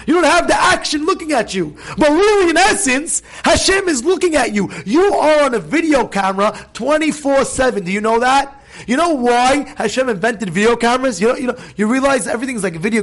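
A man, a rabbi, giving an informal sermon full of stories, acting out the voices of the people in them and asking the audience questions. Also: extremely high pitch. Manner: animated storyteller, acts out voices, asks audience questions. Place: synagogue event hall.

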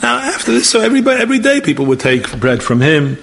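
A man preaching in a storytelling sermon, acting out the dialogue and rising to high, emphatic exclamations. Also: big pitch swings, fast, gravelly, fairly bright tone, slight background noise. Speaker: rabbi.

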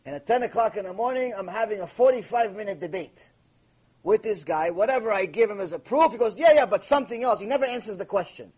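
A rabbi delivers a Torah lesson in a fairly high, slightly husky male voice. He tells his story with emphatic energy and keeps posing rhetorical questions to his listeners. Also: quick pace. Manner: emphatic, animated anecdote telling with rhetorical questions.

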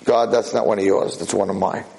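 A man's voice: low voice, brisk, vocal fry, darkish tone. A man doing a scoffing Satan in heaven. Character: sly male Satan, accuser in heaven.

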